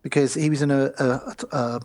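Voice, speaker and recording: A man's voice: mid-range voice, fairly even intonation, moderate pace, a little mellow, no room sound. A man co-hosting a podcast, rambling chattily through a film recap with many ums. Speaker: podcast co-host. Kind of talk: casual chat recapping a film.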